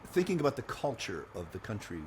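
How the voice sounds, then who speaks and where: A man's voice: fairly low pitch, big pitch swings, a little fast, darkish tone, a little hiss or hum. A man co-hosting a podcast, talking in a blunt, laid-back way with some swearing. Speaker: podcast co-host. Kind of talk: casual podcast chat.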